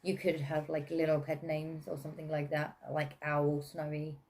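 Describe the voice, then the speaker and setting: Low-sitting and darkish in tone, her voice stays completely flat as she talks at a moderate pace. She's an English-accented tarot reader doing a casual, chatty reading full of fillers and regular laughs.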